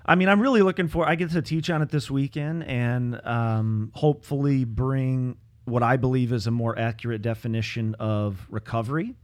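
A man's voice: medium pitch, fairly even intonation, moderate pace, few pauses. A man in his thirties, a pastor and podcast host, talking in a rambling, upbeat way with lots of fillers and restarts. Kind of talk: casual chat.

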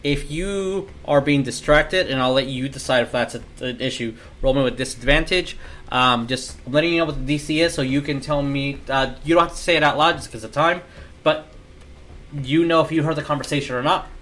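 A man running a tabletop role-playing game, explaining rules and narrating in a laid-back, halting way. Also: mid-range voice, fairly bright tone. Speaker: game master.

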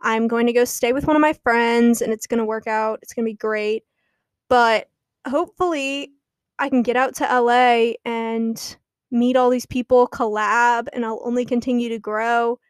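A woman's voice: on the high side, fairly even intonation, normal speed, smooth, no echo, studio quality. A young woman hosting her own podcast, chatting casually and gossiping, often laughing as she talks. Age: young adult. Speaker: podcast host. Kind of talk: casual chat.

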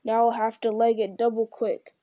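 Woman reading brutal male orc captain, barking threats, mellow tone, dry close sound. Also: on the high side, little pitch movement, normal speed, no room sound, close to an everyday voice. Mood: harsh, commanding.

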